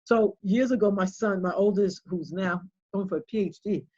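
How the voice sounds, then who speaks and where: A middle-aged woman, a homeschooling mother and guest speaker, telling stories in a rambling, animated way with many restarts. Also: mid-range voice, normal speed, highs cut off. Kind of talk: conversational livestream talk.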